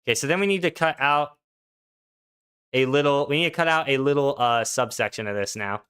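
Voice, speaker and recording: A young gaming streamer talks a little fast in a medium-pitched voice that's fairly bright and clean. His live-stream commentary is casual and full of slang, and he responds to chat as he plays.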